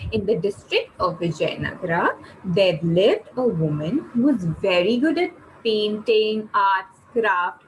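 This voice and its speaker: A woman's voice: mid-range voice, a little hiss or hum, low-quality recording. A woman teaching kids online, telling a story and asking the class questions. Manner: lively, questions the class, explains words.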